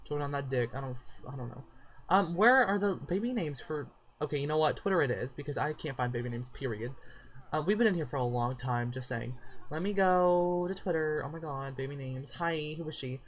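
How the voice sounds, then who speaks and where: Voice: mid-range voice, fairly quick. A gameplay commentator giving casual let's-play commentary, sassy and profane, scolding the characters on screen.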